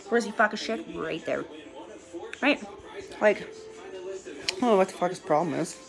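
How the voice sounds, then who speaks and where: A woman's voice: mid-range voice, lively intonation, measured pace, vocal fry, pauses often. A tired woman vlogging from her bedroom, rambling in a chatty, profane way and laughing often. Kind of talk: rambling casual monologue. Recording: music loud in the background. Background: music playing.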